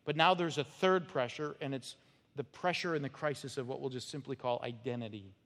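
A man's voice: mid-range voice, fairly quick, fairly bright tone. A man preaching a sermon as pastor, talking in a conversational, storytelling way. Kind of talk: expository sermon. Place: church sanctuary. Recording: long church hall reverb.

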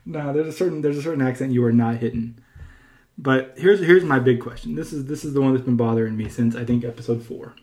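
A man from California hosting a casual podcast chat, rambling and animated with lots of fillers and restarts. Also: mid-range voice, fast talker. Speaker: podcast host.

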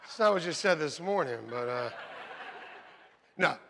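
A man preaching a sermon, loud and animated, telling jokey stories about his marriage and calling out for amens from the congregation. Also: on the high side, unhurried, noisy background. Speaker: pastor. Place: church sanctuary.

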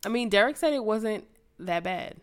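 A woman's voice: medium pitch, expressive, normal speed, clean tone. A woman co-hosting a casual chat, blunt and opinionated, swearing casually. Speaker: podcast co-host.

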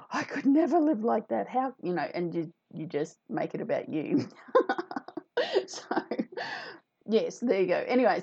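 A woman's voice: on the low side, a little mellow, dull audio. A woman hosting a casual talk, chatting to viewers and reading out their comments. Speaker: host.

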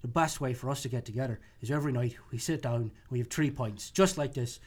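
A man voicing a cheerful old Irish barroom regular while telling a joke, in a low-key wry tone. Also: fast talker, natural voice.

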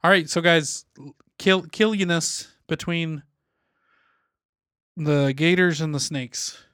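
Joking man with a smooth voice. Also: on the high side, fairly bright tone, no room sound, clean studio sound. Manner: joking, quick back-and-forth banter. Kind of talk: casual podcast chat.

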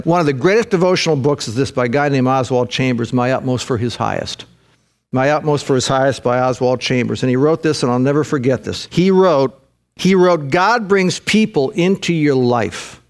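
A man preaching a sermon in an earnest, conversational way, often putting direct questions to his listeners. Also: fairly high pitch.

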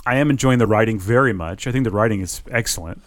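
A man's voice: lowish voice, fast, no room sound. A man co-hosting a casual chat show, enthusiastic but hesitant, often stammering and restarting. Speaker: podcast co-host.

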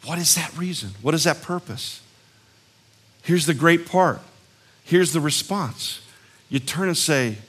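A man's voice: on the high side, expressive, a little slow, long pauses, a bit bright, husky. A man preaching a sermon as a pastor, conversational and earnest, telling stories and acting out quotes with emphasis. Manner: conversational, storytelling with acted-out quotes.

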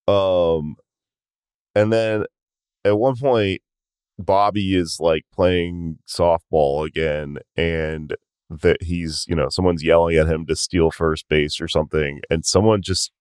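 A man's voice: deep voice, steady tone, slow pace, a little mellow, clear, resonant tone, dry recording, clean studio sound. A man co-hosting a podcast, chatting loosely about a cartoon episode with lots of fillers and chuckles. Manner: loose and rambling, with many fillers, chuckling along. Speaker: podcast co-host. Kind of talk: casual chat recapping a cartoon episode.

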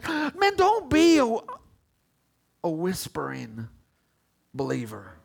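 A male pastor preaches with a gravelly, fry-tinged voice. He keeps it conversational and playful with the congregation. He swings from hushed delivery to loud bursts. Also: very high-pitched, slow pace. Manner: animated, swings from whispers to shouts. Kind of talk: sermon.

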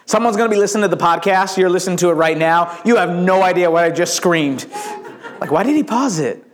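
A middle-aged male pastor preaching a sermon, telling the story in a lively way and acting out the voices. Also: sits high, quick pace. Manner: animated storytelling, acts out voices.

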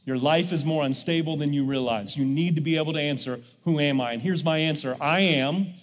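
A man's voice: on the high side, brisk, long reverb tail. A male pastor preaching a sermon in a church, leading the congregation in call-and-response. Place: church sanctuary.

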